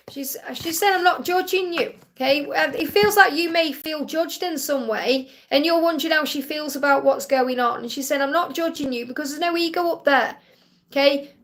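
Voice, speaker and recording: A woman's voice: sits high, a bit bright. A woman hosting a live card-reading Q&A, chatty and soothing, often checking in with "okay?". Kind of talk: live-stream tarot reading.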